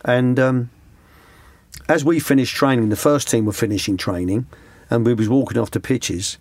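A man's voice: mid-range voice, normal speed, darkish tone, dry recording. Chatty man telling anecdotes. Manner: rambling, restarts, slips into quoted voices. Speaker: former youth coach, interview guest. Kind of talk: conversational anecdotes.

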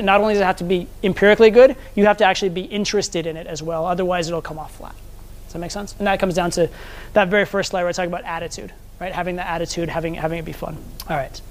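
A man teaching a live seminar as a social skills coach, talking conversationally and often checking in with the audience. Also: high-pitched.

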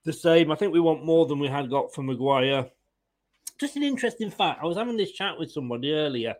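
Chatty football fan streamer. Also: male voice, a little high, lively intonation, fast talker. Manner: chatty, opinionated, laughs often, greets viewers. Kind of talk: casual live-stream chat.

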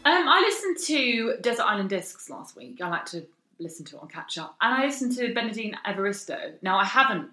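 A woman's voice: mid-range voice, sing-song, a little fast, bright, forceful tone, faint music behind. A woman from South East London co-hosting a podcast in casual chat, wry and joking. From South East London, England. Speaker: podcast co-host. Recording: roomy echo.

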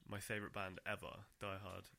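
A young man from co-hosting a podcast, chatty and quick with asides, laughing often. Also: low-pitched, little pitch movement, creaky, sharp tone. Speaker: podcast co-host. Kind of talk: casual chat.

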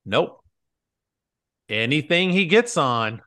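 A man's voice: a little high, sing-song, slow pace, pushed and bright. Rambling casual male podcast host. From United States. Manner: rambling, many "like"s, acts out quotes. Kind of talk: casual chat recapping a movie.

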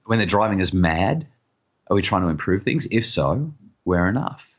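A man's voice: low-pitched, animated, moderate pace, dull audio. A middle-aged man giving earnest advice as a parenting expert in a podcast interview, often repeating words as he starts a sentence.

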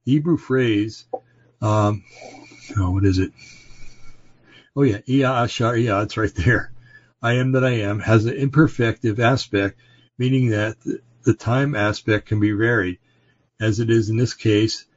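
A man hosting a podcast, reading scripture aloud and commenting on it in a halting way, with fillers and self-corrections. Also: on the low side, steady tone, no room sound. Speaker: podcast host. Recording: dry, dull lo-fi recording.

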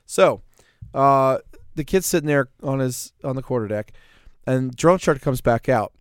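A former Marine co-hosting a podcast tells crude, joking boot camp stories in a casual chat. His medium-pitched voice is lively and clean at a moderate pace, with clean studio sound and no room noise.

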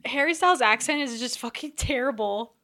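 Woman co-host, slightly high voice, blunt, offhand, casual. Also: brisk, bright, forceful tone. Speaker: podcast co-host. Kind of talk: casual chat.

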